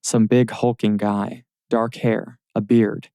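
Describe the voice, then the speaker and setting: A frightened, injured young woman pleads between sobs, read by a man in an audiobook. The voice stays low and dark with a gravelly edge. It is recorded close and dry. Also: flat delivery, slow, no echo. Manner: sobbing, breathless pleading.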